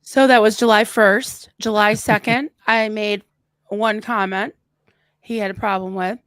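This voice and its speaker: Measured woman guest, dry sound, middle pitch, firm delivery. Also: steady tone, fairly bright tone, clear, resonant tone, dry recording. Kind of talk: live-stream chat.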